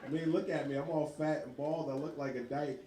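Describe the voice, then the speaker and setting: A man doing an animated, profane stand-up set on a bar stage, laughing through his lines. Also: a little high, brisk. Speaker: stand-up comedian. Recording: echoey bar with crowd laughter.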